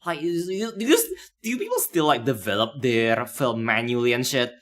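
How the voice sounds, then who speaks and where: Rambling man with lively pitch. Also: moderate pace. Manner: rambling, many fillers and restarts. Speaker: streamer reacting to a video. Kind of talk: casual live-stream commentary.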